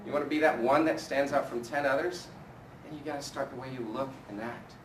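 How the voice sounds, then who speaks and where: A man's voice: medium pitch, steady tone, a little fast, slight background noise. A man leading a live sales training in front of a group, coaching energetically and asking the room questions. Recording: echoey room from a distance with faint ambience.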